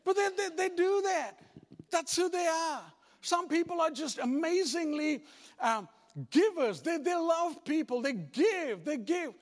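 A pastor preaching to his congregation, a man with a notably high voice. He talks straight at the room, repeating and restarting as he goes. The sound rings with the long reverb of a church hall. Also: measured pace. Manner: animated, repetitive restarts, addresses congregation directly. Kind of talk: sermon.

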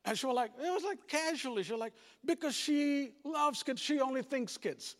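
A pastor preaching to his congregation, a man with a notably high voice. He talks straight at the room, repeating and restarting as he goes. The sound rings with the long reverb of a church hall. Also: normal speed. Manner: animated, repetitive restarts, addresses congregation directly. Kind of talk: sermon.

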